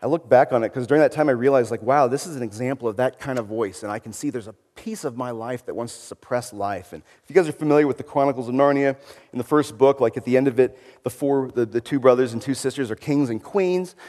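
A man giving an informal sermon-style talk, reflective and conversational, often trailing into quieter phrases. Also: medium pitch, fast talker, big-room sound.

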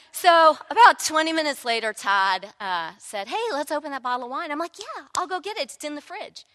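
A woman in her thirties telling a personal faith story in an animated, candid way. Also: on the high side, dry recording. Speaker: church member sharing a testimony.

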